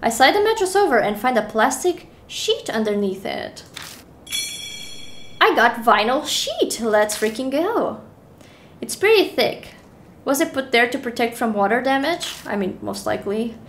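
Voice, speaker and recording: A woman's voice: on the high side, unhurried, slight background noise. Giggly young woman streamer. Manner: animated, giggly reactions mixed with calm narration. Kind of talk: reading a horror visual novel aloud while playing.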